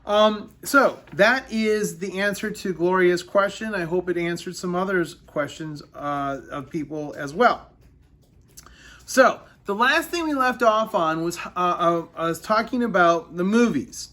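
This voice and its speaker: A male teacher walks his class through a history lesson, speaking slowly and deliberately. He stumbles often, fills gaps with ums and uhs, and repeats key sentences for emphasis. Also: high-pitched, expressive, sharp tone. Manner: slow, halting delivery with many fillers and repeated phrases.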